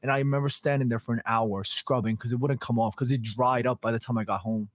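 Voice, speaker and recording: A young man, co-hosting a podcast and telling stories in an animated way, swearing freely. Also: medium pitch, fast, dry recording. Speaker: podcast co-host. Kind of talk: casual chat.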